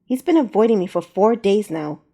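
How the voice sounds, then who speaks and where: A woman's voice: medium pitch, very animated, normal speed, warm tone. A woman voicing a fiery, irritable young female shopkeeper who snaps at others, in a read-aloud story. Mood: angry. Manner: snappish.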